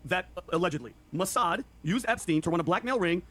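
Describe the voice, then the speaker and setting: A man's voice: sits high, lively intonation, fast talker, a bit bright. A man on a political panel speaking earnestly as a Christian and posing moral questions. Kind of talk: casual political discussion.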